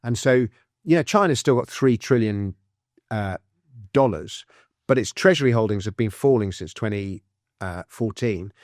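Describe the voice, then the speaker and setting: A man, speaking as a guest author in a casual interview, chatty and explaining with quick restarts and asides. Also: fairly low pitch, expressive, a little mellow, no echo, clean studio sound. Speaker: author and financial commentator, guest.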